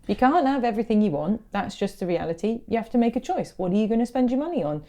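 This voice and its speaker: Her voice is a touch high, sing-song and dark in tone, and she talks quickly. She's a photography business coach from the south of England, co-hosting a laid-back business podcast and stressing her key advice through repetition.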